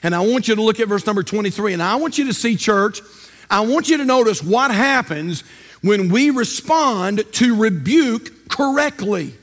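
A man's voice: high voice, animated, moderate pace, fairly bright tone, big-room sound. An older man preaching a sermon as pastor, folksy and storytelling, with rhetorical questions. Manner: folksy, asks rhetorical questions and tells stories.

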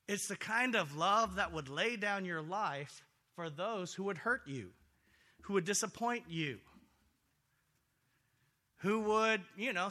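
Animated, bright-voiced male preacher. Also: high voice. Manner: animated, swings from loud excitement to quiet earnestness. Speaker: pastor. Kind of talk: sermon. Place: church sanctuary.

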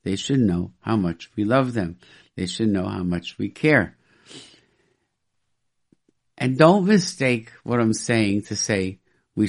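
A man talking on a radio show as a guest, with an earnest teaching manner. He circles back over his own words, repeats phrases and restarts sentences as he works his point out. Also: on the low side. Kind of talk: casual radio talk, teaching.

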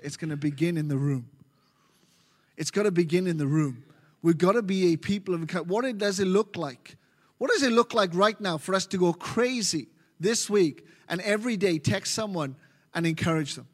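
An Australian man preaching a sermon as pastor, animated and joking with his congregation. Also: sits high. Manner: animated, jokey preaching with quick asides. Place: large church hall. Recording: reverberant church hall.

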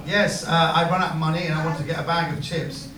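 A man appearing as a guest comedian, trading banter and telling stories in a wry, deadpan way. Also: on the high side, fast talker. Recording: echoey venue, distant mic, background noise.

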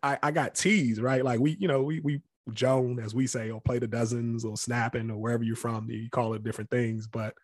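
This is a man talking in a relaxed interview, reflective and candid about his past, with a mid-range voice. He often slips into other people's voices to act out what they said. The recording sounds close and dry. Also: mid-range voice, brisk, few pauses, dry recording. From Capitol Heights area near Washington, D.C. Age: adult past college age. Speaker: interview guest. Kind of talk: casual storytelling interview.

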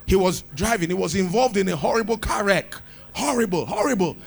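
A man preaching a sermon with exuberant shouts, laughter and cries of praise. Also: high-pitched, lively intonation, a little fast, creaky, breathy edge.

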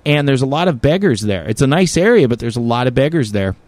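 A man in casual chat, rambling through a story packed with fillers and swearing. He flares into heated, raised outbursts when quoting himself. His voice sits at an ordinary middle pitch and is recorded very dry and close. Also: very animated, quick pace, darkish tone, no echo.

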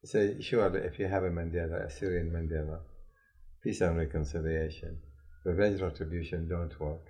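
A man's voice: low voice, steady tone, moderate pace, mellow. A male interviewer in a news discussion, questioning in a skeptical, emphatic way.

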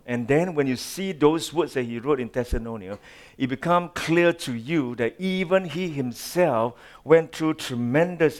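A male pastor preaching a sermon, swinging from loud, drawn-out phrases to hushed asides. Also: medium pitch.

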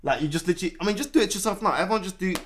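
A young man tells a personal story in a casual conversation. His voice sits a little high and his words tumble out quickly. He keeps slipping into animated re-enactments of how he reacted, full of slang fillers. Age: 20s. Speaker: guest.

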